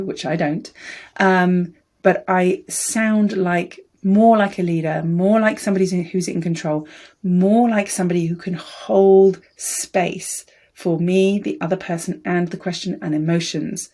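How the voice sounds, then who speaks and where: Calm low-voiced woman speaking coach. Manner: calm, measured coaching with demonstrations. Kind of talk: speaking tips lesson to camera.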